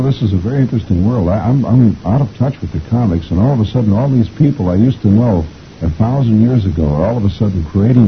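A man's voice: fairly low pitch, highs cut off, a little hiss or hum. A middle-aged man hosting a chatty reading of the comics, folksy and rambling, chuckling often. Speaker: host reading the comics aloud.

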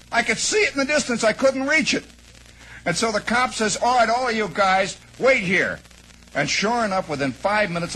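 High-voiced man telling a rambling tale. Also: slightly rough, rough recording. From American Midwest. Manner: animated, rambling, acts out shouts and quotes. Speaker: storyteller. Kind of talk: spoken anecdote, radio monologue.

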